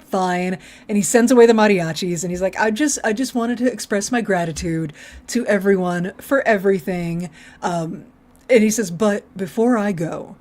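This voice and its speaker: Co-hosting a podcast, a woman chats casually and enthusiastically while recapping a TV episode, laughing often and swearing freely. Her voice has a medium pitch and a darkish tone.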